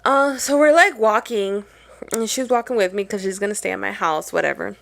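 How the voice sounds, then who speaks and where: A young woman co-hosting a podcast, telling a story in a relaxed, casual way with mild swearing and unfinished sentences. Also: medium pitch, a little fast, creaky. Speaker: podcast co-host.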